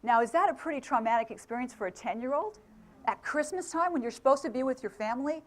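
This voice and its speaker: A middle-aged woman gives a motivational talk, with a fairly high voice. She keeps the room involved, throwing questions at the audience and laughing easily. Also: animated, quick pace. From England. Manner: engaging, asks the audience questions, laughs often. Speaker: motivational speaker.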